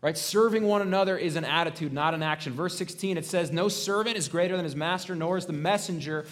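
A pastor with a slightly high voice preaches quickly in a conversational style. He keeps asking "right?", restarts and stammers through repeated words, and lifts his voice to stress a point.

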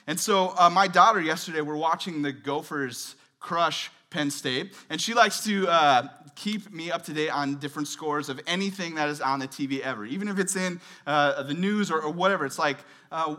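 A man in his thirties giving a relaxed, chatty guest sermon with light humor and lots of fillers. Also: fairly high pitch, normal speed, few pauses. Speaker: guest pastor. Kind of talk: conversational sermon. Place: church service.

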